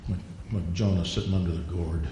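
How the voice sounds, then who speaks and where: A man's voice: low voice, fairly even intonation, brisk. An older man preaching a sermon in a folksy storytelling way, acting out dialogue and prayers. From Norwegian. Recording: very echoey room, faint noise.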